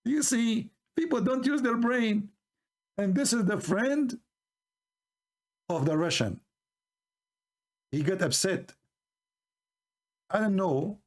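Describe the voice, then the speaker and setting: A man from the Middle East hosting a debate, arguing in a mocking, animated way and telling stories in broken English. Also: a little high. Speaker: debate host. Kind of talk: argumentative debate talk.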